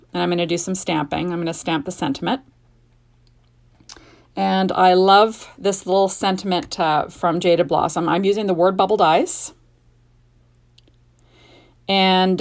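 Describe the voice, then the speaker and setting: A middle-aged woman hosting a casual card-making tutorial at home, chatty and gushing, with rambling asides. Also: on the low side. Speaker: card-making video host. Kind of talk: casual craft tutorial chat.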